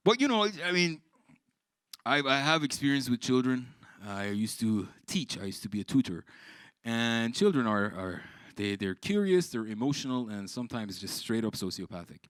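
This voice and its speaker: A man from Iran doing live stand-up, telling stories with swearing and shouted punchlines. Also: mid-range voice, normal speed, smooth, no echo. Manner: animated, swearing, exclaiming punchlines. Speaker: stand-up comedian. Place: live comedy stage.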